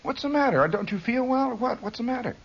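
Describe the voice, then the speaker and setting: A man's voice: very high voice, expressive, fairly quick, gravelly, pitched above the performer's own voice, full character voice. A man voicing a fretful middle-aged mother who fusses over her son with anxious repeated questions. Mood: worried. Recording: dull lo-fi 1960s radio broadcast.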